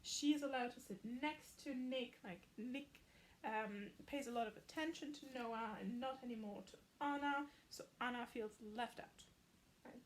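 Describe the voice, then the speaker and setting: High-voiced woman chatting sarcastically. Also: measured pace, a little hiss or hum. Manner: chatty and sarcastic, with wry asides. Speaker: film recap YouTuber. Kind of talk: casual film recap.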